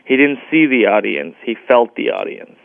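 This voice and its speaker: A man's voice: medium pitch, expressive, moderate pace, vocal fry, no echo. A man telling a scripted personal story on radio in a wry, earnest, self-deprecating way, heard over a phone-like line. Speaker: comedian guest. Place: radio studio.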